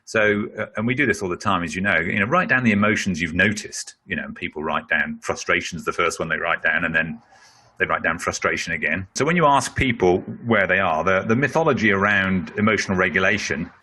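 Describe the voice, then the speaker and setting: Bright, husky-voiced man explaining in a webinar. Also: low voice, brisk. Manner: explanatory, conversational, with many "you know" fillers. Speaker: speaker on leadership. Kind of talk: webinar answer to a question.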